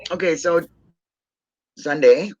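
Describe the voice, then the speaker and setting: A woman co-hosting an online support chat, joking and laughing a lot, with a naturally low voice that she pushes up higher when she talks. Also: takes it slowly, a little mellow, dull audio. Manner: laughs often, chatty and joking. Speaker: co-host of an online support talk. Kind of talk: casual live-stream chat.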